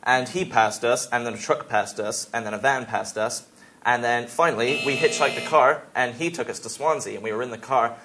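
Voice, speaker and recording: A man's voice: mid-range voice, fairly quick, bright, forceful tone, faint music behind. A man on a comedy radio panel, rambling through an improvised story and laughing at his own jokes. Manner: rambling, laughing, acts out voices.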